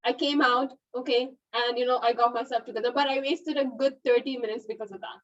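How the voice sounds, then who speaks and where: Chatty woman running a webinar, high voice, sounds far off and kinda muffled on a video call. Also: steady tone, fairly quick, fairly bright tone. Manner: chatty, laughs often, many fillers like "okay" and "you know". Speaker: webinar host. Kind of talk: casual webinar moderation. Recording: dull, distant webinar audio.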